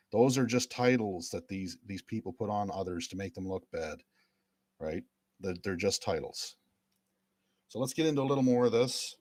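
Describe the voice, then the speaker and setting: Guy talking to his viewers, kinda low voice, dry close sound, earnest and pushy. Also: darkish tone, dry recording. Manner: earnest, emphatic, repeats phrases. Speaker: speaker giving a talk. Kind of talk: casual monologue to viewers.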